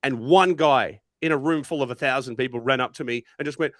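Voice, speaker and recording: A man's voice: mid-range voice, brisk, a bit bright, no room sound, studio quality. A man with an Australian accent, a guest on a podcast, telling stories and chatting with enthusiasm. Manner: chatty, tells anecdotes with enthusiasm. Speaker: wrestling commentator, podcast guest. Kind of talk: casual podcast chat.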